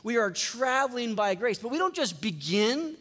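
High-voiced male pastor, echoing hall. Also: big pitch swings, normal speed, fairly bright tone. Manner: conversational storytelling, acting out dialogue. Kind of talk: sermon. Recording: long reverb from a large hall.

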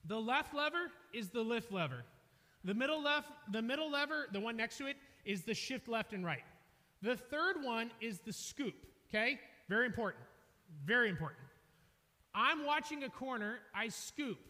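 A young man preaching a sermon, telling a funny story loudly, with an animated, self-mocking manner. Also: extremely high pitch, normal speed. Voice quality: loud, energetic. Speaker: pastor. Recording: reverberant hall.

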